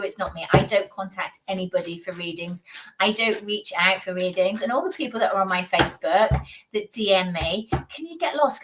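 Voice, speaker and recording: A woman chats her way through live psychic readings on a stream, rambling and animated with frequent laughs. She sits a little back from the microphone, and a faint noise runs underneath. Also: mid-range voice, distant mic. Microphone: video call.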